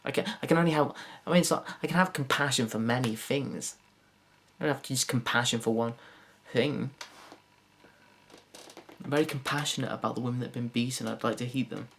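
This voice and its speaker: A man's voice: mid-range voice, brisk, gravelly, pauses often, fairly bright tone. A man with a Yorkshire accent performing a stand-up comedy routine, rambling, correcting himself and swearing with sardonic delivery. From Yorkshire, England.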